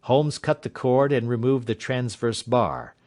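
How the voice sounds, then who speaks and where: A man giving a measured, dramatic audiobook narration. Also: mid-range voice, expressive, a little mellow. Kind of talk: scripted narration.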